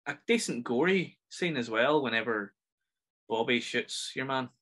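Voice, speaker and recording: A man's voice: mid-range voice, animated, unhurried, a bit bright. A man with a Northern Irish accent hosting a casual film review podcast, chatty and enthusiastic as he rambles through his thoughts. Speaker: podcast host.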